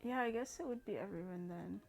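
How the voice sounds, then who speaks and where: A woman's voice: medium pitch, fairly quick, gravelly, faint music behind. Chatty young woman commentating gameplay. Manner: chatty and rambling, with many fillers and restarts. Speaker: gaming channel host.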